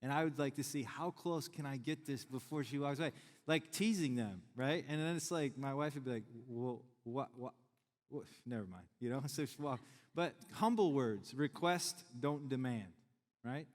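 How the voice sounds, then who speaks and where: A middle-aged man, preaching a sermon in a conversational, joking way to his congregation. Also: moderate pace. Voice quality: deep voice. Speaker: pastor. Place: large church sanctuary. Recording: long church hall reverb.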